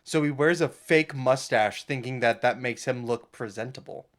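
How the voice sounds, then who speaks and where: A man co-hosting a podcast, joking and chatting in an easygoing way. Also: medium pitch. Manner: easygoing, joking, quick to agree. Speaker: podcast co-host. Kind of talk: casual chat.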